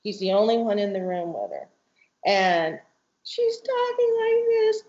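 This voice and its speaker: In a roomy, dull lo-fi recording, a woman with a mid-range, slightly mellow voice speaks unhurriedly, her pitch swooping wildly. She is a guest and mother giving an emotional account of her family's story. She brings quoted voices to life as she retells it, with restarts along the way.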